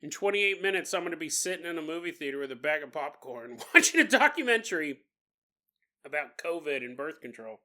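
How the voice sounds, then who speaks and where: A male podcast host, spinning a story casually and jumping in and out of silly character voices. His voice is bright and crisp, and his pitch swings widely. He laughs often as he goes. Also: animated, brisk.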